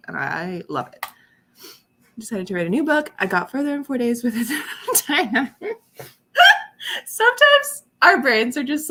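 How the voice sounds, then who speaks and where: A giggly, chatty young woman hosts a relaxed livestream from her apartment. She talks casually to her viewers in a mid-range voice. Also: medium pitch. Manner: chatty and giggly, talking to chat. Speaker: livestream host.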